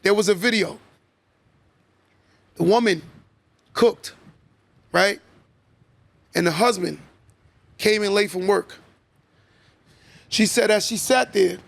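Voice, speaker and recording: Preaching motivation on his podcast, this host is emphatic and repetitive, constantly asking "right?". His voice sits high and sounds gravelly.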